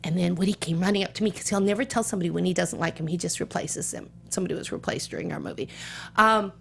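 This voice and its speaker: An actress in an interview, telling anecdotes and acting out other people's lines with sudden jumps in pitch. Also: female voice, fast, creaky, slight background noise. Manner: animated, acts out quotes with big pitch jumps. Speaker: guest actress.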